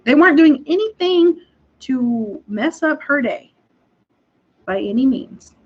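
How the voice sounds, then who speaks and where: A young woman, hosting a casual chat and telling stories in an animated, exasperated way with frequent laughs. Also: sits high, slow pace. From Texas. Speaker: podcast host. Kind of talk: casual storytelling. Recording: dull lo-fi recording.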